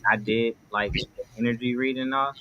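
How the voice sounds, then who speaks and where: A man with telling a story as a guest on a casual livestream, animated and slangy. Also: medium pitch, normal speed, muffled recording, a little hiss or hum.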